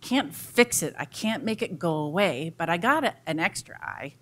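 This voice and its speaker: Kind little mouse, gentle, folksy, voiced by a woman, lowish voice. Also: lively intonation, moderate pace.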